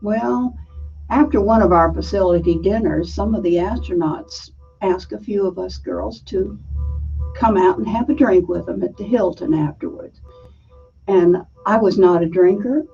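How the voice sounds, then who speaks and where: An older woman from Florida, an author guest, telling stories in an animated way with lively quoted voices. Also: mid-range voice, measured pace, creaky, soft background music. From Southern US, Florida. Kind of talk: storytelling interview. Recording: muffled, distant mic.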